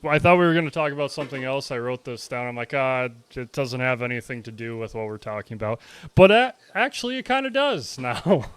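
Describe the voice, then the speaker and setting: A man's voice: mid-range voice, big pitch swings, fairly quick, clear, resonant tone. A man co-hosting a podcast in casual chat, laid-back and teasing. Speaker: podcast co-host.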